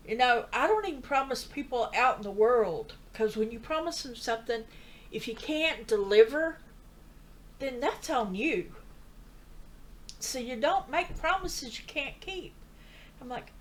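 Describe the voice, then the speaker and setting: A woman's voice: fairly high pitch, animated, measured pace, a little hiss or hum. An older woman earnestly telling a personal story in a chatty way, with asides. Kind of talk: casual testimony.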